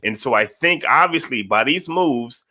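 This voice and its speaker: A man hosting his own podcast in a casual, energetic monologue, often repeating phrases for emphasis. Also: medium pitch, moderate pace. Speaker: podcast host.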